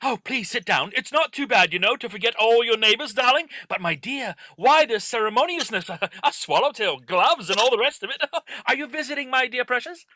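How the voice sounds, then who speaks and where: A man playing a gushing, fussy old father with a high, bright voice. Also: animated, normal speed, no room sound, heavily acted. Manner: gushing, flowery, repeats "and all the rest of it". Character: fussy effusive older father, landowner. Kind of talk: Zoom play reading. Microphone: computer mic on video call.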